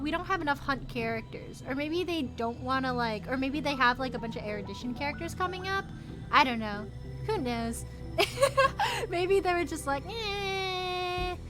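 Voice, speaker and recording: A young woman streaming a video game, reacting with excitable, giggly commentary and frequent laughs. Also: high voice. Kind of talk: let's-play reaction commentary. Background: game music.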